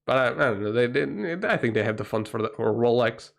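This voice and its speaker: A man's voice: medium pitch, expressive, a little fast, vocal fry. Swearing, rambling Portuguese-accented man. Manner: rambling, profane, exclamatory. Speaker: livestream host. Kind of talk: casual livestream chat.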